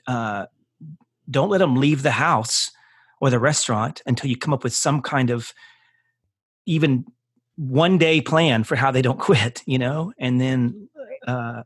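A man's voice: mid-range voice, breathy edge, no room sound, clean studio sound. A man speaking as a podcast guest, earnest and heartfelt, often restarting and repeating words for emphasis, then leading a closing prayer.

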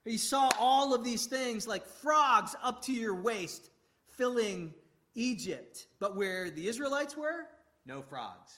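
A man, a pastor, preaching a conversational sermon full of rhetorical questions, swinging between loud and hushed. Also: very high-pitched, sing-song, slow.

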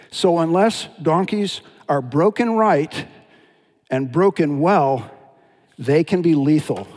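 A pastor preaching a sermon, telling Bible stories in an animated, dramatic way. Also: male voice, a little high. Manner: storytelling, animated with dramatic retellings. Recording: long hall reverb.

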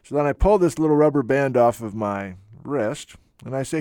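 A man teaching geology in a lively lecture, chatty and self-deprecating, with playful asides. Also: medium pitch, normal speed, smooth, no echo, clean studio sound. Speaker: geology instructor. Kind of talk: enthusiastic lecture.

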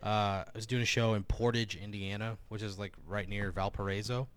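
A man's voice: on the low side, fairly quick. A man telling a rambling stand-up story in casual chat, full of fillers and swearing. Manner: animated, lots of fillers, swears. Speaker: stand-up comedian.

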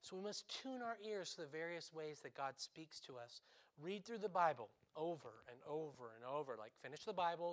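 A male priest giving a conversational sermon, swinging between loud, urgent emphasis and hushed intensity, with chatty asides. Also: a little high, animated, moderate pace.

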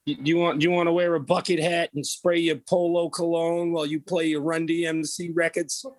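A man's voice: on the high side, little pitch movement, normal speed. A man on a comedy podcast, teasing the others with stammering, mocking riffs. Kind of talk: improvised comedy banter.

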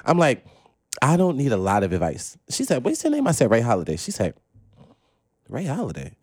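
A man's voice: medium pitch, a little fast, breathy edge. A man on a podcast telling a story with lots of energy, slangy and laughing, acting out voices as he goes. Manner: lively, acts out voices in his stories. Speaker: podcast guest. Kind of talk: animated storytelling.

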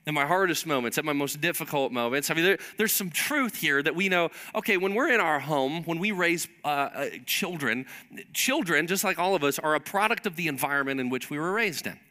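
A male pastor delivering a sermon in a lively storytelling manner. His voice sits a little high and comes across bright and forceful. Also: fairly quick.

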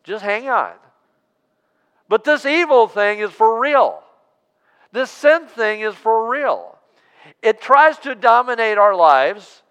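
Man, pastor, sermon, high voice, slow deliberate delivery, call-and-response, long church reverb. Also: big pitch swings, a bit bright, clear, resonant tone. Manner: preaching with call-and-response, drawn-out emphasis. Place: church sanctuary.

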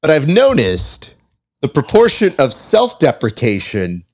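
A man's voice: a little high, huge pitch swings, unhurried, a little mellow, slightly rough. A man hosting a casual interview podcast who jokes, tells stories and drops into impressions. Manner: joking, storytelling, slips into impressions. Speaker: podcast host.

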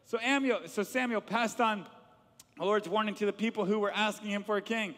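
A middle-aged man, a pastor, preaching a sermon with animated storytelling and repeated words. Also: sits high, a little fast, big-room sound.

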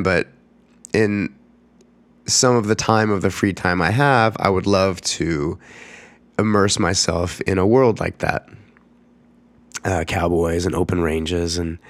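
A man's voice: deep voice, dry recording. A young man rambling casually through a solo podcast, congested and coughing as he gets over a cold. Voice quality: rough, congested voice. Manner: rambling, many fillers and restarts. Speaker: podcast host.

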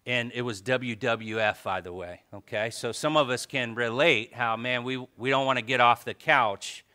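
Lively bright-voiced male pastor preaching. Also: mid-range voice, normal speed, smooth. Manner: animated storytelling, swings from soft asides to loud exclamations. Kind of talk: sermon.

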